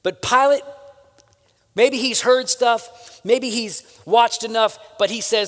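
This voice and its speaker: A man's voice: very high-pitched, takes it slowly, fairly bright tone. A man preaching a sermon as pastor, talking to the listeners in a conversational way and often checking in with "right?". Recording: long hall reverb.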